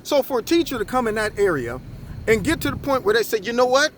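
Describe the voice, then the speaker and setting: A middle-aged man, a former school principal, giving impassioned opinion commentary and telling animated stories. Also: sits high, quick pace, a little hiss or hum. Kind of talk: opinion commentary with acted anecdotes.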